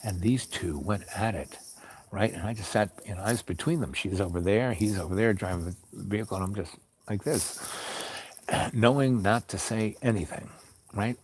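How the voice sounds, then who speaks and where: A man host telling a personal story in a calm, wry, rambling way with many fillers. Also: on the low side, moderate pace, breathy edge. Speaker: podcast host.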